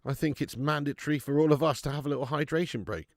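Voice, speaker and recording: A man's voice: fairly high pitch, fast, vocal fry, no echo, studio quality. A man hosting a live football watch-along, chatting casually, bantering and reading out viewers' comments. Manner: jokey, banter-filled, reads out chat comments.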